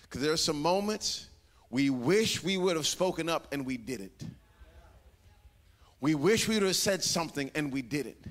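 High-voiced preacher in a reverberant hall. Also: male voice. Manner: dramatic, acts out quoted voices, repeats phrases for emphasis. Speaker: pastor. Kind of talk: sermon. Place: church sanctuary.

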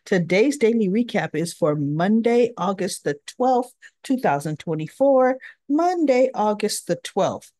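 A woman's voice: mid-range voice, expressive, a little slow, warm tone, no room sound. A woman hosting a daily soap opera recap, retelling scenes in a chatty way and acting out the characters' lines. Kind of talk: casual recap narration.

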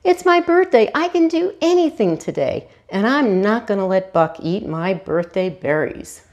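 A woman voicing a timid but determined young boy dinosaur in a storybook reading, with an eager, high childlike voice. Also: animated, moderate pace, a little mellow, highs cut off, natural voice.

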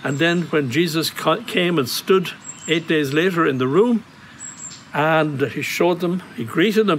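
An Irish priest giving a reflective homily outdoors at a grotto, telling stories in a gentle, conversational way. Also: male voice, on the high side, unhurried, slight background noise, low-quality recording. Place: outdoor grotto on monastery grounds.

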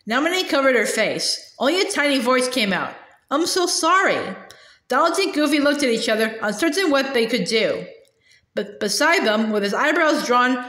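A woman reading a novel aloud as narrator, steady with small slips and restarts. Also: on the high side, roomy sound. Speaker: audiobook reader.

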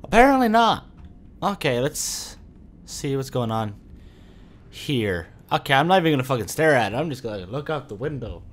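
A man's voice: medium pitch, sing-song, normal speed. A man giving rambling, swear-filled let's play commentary, thinking aloud as he plays. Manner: rambling and profane, often swears; thinks aloud while playing. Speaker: gamer playing a video game.

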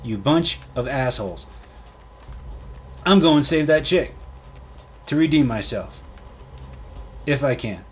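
A man's voice: medium pitch, lively intonation, slow, long pauses, slightly rough. A man ranting and swearing through a let's play commentary. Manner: salty, swearing, ranting at the game. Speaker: gaming YouTuber.

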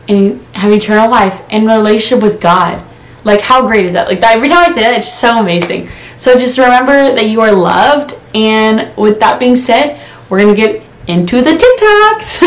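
A woman in her twenties who talks casually and earnestly about faith, with frequent pauses, then prays aloud. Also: a little high. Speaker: Christian vlogger. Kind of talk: casual devotional talk and spoken prayer. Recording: roomy echo.

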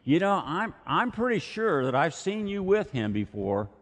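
A man's voice: on the high side, big pitch swings, normal speed, pitched above the performer's own voice. A man voicing a suspicious young servant girl who keeps pressing with accusing questions. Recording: long reverb of a church hall.

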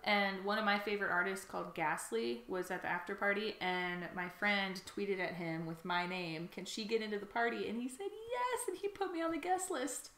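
A woman's voice: medium pitch, moderate pace, few pauses, pushed and bright, reverberant. A woman co-hosting a podcast, chatting casually and laughing often as she tells stories. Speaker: podcast co-host. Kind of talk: casual chat.

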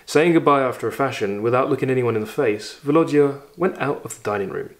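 Male literature teacher, mid-pitched, expressive reader with conversational asides. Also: fast talker, hardly any pauses. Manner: expressive reading, raises voice for quoted lines, reflective asides. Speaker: literature teacher reading aloud. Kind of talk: reading a story aloud with commentary.

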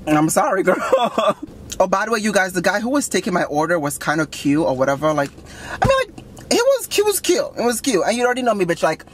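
A man's voice: big pitch swings, fairly quick, slight background noise. A man doing Patricia, a brash sassy young mom. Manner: loud, giggly, swears constantly, swoops up high. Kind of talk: comedy sketch in character. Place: in a car.

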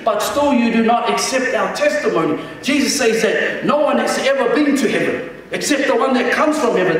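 A man's voice: high-pitched, heavy reverb, big-room sound, distant mic, rough recording. A man preaching a sermon as senior pastor in a church, calling the congregation to respond and often restarting his words.

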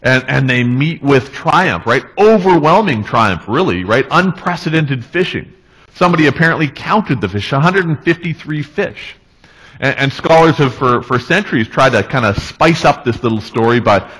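A male pastor preaching a sermon in a relaxed, conversational way, often checking in with the congregation. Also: medium pitch, normal speed, breathy edge, poor audio. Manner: conversational, tag questions, restarts. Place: church.

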